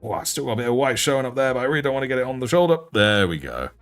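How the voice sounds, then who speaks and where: A young British man with a deep voice, chatting in a relaxed, self-mocking way while he hosts a livestream. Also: very fast, soft background music. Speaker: livestream host and miniature painter. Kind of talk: casual livestream chat.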